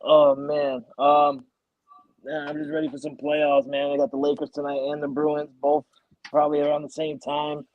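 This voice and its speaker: A man co-hosting a sports talk show, ribbing the others in a playful, excitable way. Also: fairly high pitch, normal speed, creaky, muffled recording. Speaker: sports talk co-host, basketball fan. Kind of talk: casual sports banter.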